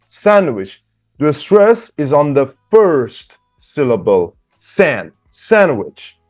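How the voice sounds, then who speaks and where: A man teaching beginner through a workbook, patient, slowly spelling out sounds and repeating words. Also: fairly high pitch, a little mellow. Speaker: English teacher. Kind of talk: slow workbook lesson for beginners.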